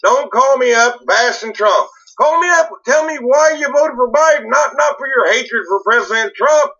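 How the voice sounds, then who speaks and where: A man's voice: extremely high pitch, moderate pace, bright, forceful tone, husky. A man hosting a call-in political talk show, blunt and combative with callers. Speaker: call-in radio host. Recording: muffled lo-fi radio audio.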